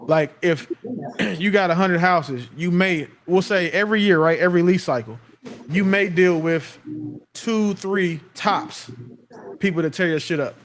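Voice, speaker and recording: A man's voice: high voice, measured pace, a bit bright. A man, hosting a casual chat and laying out his points assertively. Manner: assertive, lecturing.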